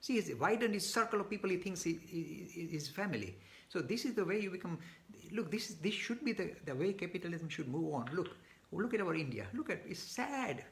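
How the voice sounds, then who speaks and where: A man's voice: high-pitched, lively intonation, brisk, creaky, fairly bright tone. A man answering audience questions in a live online talk, speaking emphatically with frequent restarts and repeated words. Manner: gets worked up.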